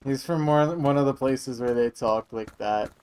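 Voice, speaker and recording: A man's voice: mid-range voice, moderate pace, a little mellow, a little hiss or hum, low-quality recording. Young male streamer; loose, joking live chat with viewers in a middle register. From Michigan, USA. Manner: chatty, joking, answering chat.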